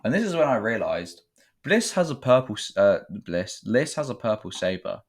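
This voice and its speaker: Sarcastic low-voiced man reviewing. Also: sing-song, normal speed. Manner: sarcastic, profane, rambling. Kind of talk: casual sweary review.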